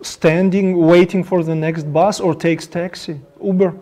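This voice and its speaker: A man hosting a casual chat over a video call, asking short, simple questions. His voice sits notably high for a man. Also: level tone, normal speed, mellow. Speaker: host.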